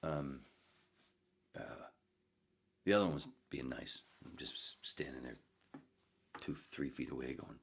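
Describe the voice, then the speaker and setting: A man's voice: very deep voice, unhurried, vocal fry, long pauses, husky. A middle-aged man hosting a podcast alone, rambling through self-mocking stories in casual chat and reading out a live chat. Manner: rambling, self-mocking, drops into whispers and laughs. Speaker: podcast host.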